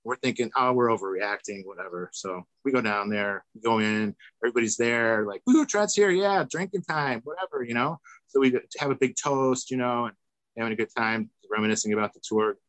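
A man with a lowish voice speaks briskly in a steady, fairly bright tone; the recording is rough but has no echo. Formerly a tour manager, he tells a long, rambling story on a video call and acts out the voices of those in it.

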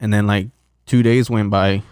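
A man's voice: fairly low pitch, flat delivery, normal speed, a little mellow, smooth, dry recording. A man on a casual podcast, telling a long work story with lots of swearing and restarts. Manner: rambling storyteller, swears a lot, restarts often. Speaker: podcast co-host. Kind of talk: casual chat.

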